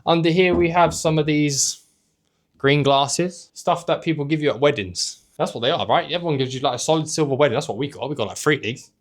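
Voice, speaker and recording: A young man speaks briskly in a fairly high voice while giving a casual, humorous tour of a small hotel room. He's a travel vlogger and host, filming handheld and dropping offhand asides as he chats and jokes.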